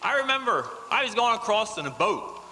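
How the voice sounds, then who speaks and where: A man spins a folksy tall tale in a live stage comedy routine and chuckles at his own punchlines. His voice is very bright and lively in pitch. It carries a long hall echo from the live show. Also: fairly quick, a little hiss or hum. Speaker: comic storyteller on stage.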